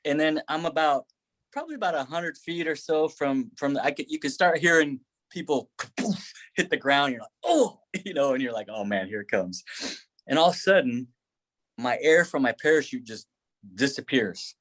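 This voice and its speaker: A middle-aged man telling military stories on a podcast, laughing often and acting out quotes in a higher voice. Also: normal speed, fairly bright tone. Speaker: podcast guest, former Army Ranger. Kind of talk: casual storytelling.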